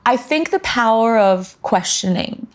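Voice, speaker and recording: A woman co-hosting a yoga podcast, talking casually in a gushing, warm way and laughing easily. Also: on the high side, animated, unhurried. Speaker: podcast co-host; yoga teacher. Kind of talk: casual chat.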